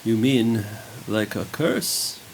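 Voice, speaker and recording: A man's voice: on the low side, animated, slow, slight background noise, rough recording. A man playing a gracious old village priest, pious and formal. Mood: measured. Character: elderly kindly male village priest.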